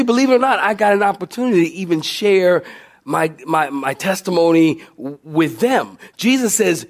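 A man with a high, bright voice preaches in a drawl. He tells his story with plenty of energy, laughing as he goes and now and then bellowing out an impression of a drill sergeant. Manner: animated, acts out shouting and laughs mid-story. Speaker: pastor. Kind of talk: storytelling sermon.

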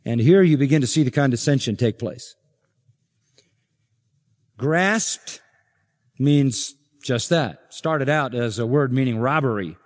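A man preaching an expository sermon with emphatic, deliberate delivery. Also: medium pitch, long reverb tail.

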